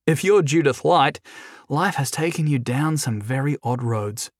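A wisecracking young captive, played by a male narrator, quick, sarcastic and lively. The voice sits at a middle pitch and sounds dry and close. It is a storybook reading. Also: no room sound. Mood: mocking. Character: chained young man, wisecracking and nervously flippant.

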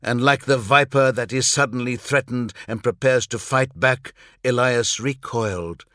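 A man narrating fiction in a measured, dramatic way, close to the mic. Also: medium pitch, sharp tone, no room sound. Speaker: audiobook narrator.

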